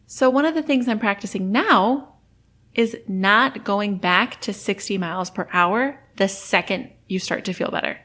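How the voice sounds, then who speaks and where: A woman's voice: mid-range voice, measured pace, a bit bright. A young adult woman hosting a solo podcast, talking in a candid, encouraging way and laughing often. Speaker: podcast host.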